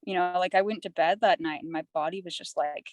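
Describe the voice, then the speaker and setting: A woman's voice: fairly low pitch, brisk, no room sound, rough recording. A young woman from Canada, a podcast guest, telling her story in a rambling, candid, chatty way. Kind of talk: candid casual conversation.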